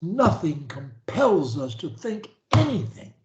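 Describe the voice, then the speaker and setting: A man coaching a stutterer over a video call, preachy and animated, swinging from loud to whispered. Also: a little high, slow, roomy sound, muffled recording. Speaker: speech coach.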